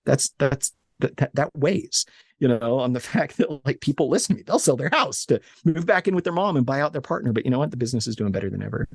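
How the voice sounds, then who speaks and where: A man in his late thirties from Alabama, a guest telling animated, joking stories from his office with frequent restarts. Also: mid-range voice, fast talker, creaky, breathy edge, dry recording. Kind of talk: casual interview chat.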